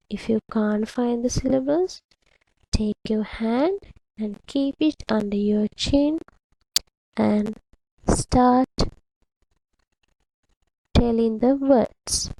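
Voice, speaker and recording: A woman teacher speaks slowly and patiently to young pupils, sounding out words syllable by syllable. Her voice sits a little high, with a gravelly edge. The sound is dry and close, with a dark, mellow tone. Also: dry recording, poor audio. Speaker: primary English teacher. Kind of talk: slow, deliberate classroom instruction to children.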